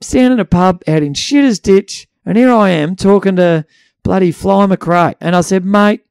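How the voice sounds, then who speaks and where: Australian man, podcast co-host, lively storyteller, slightly high voice, dry close sound. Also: moderate pace, creaky, smooth, no room sound. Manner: animated, acts out voices in anecdotes, swears freely. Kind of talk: casual storytelling chat.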